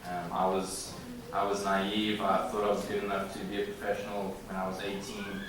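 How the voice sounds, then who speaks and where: A man in his thirties giving a halting, heartfelt acceptance speech, with many pauses and filler sounds, in a large banquet room. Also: sits low, monotone, far from the mic, a crowd in the background. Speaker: hall of fame inductee. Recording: echoey banquet hall from afar with room noise.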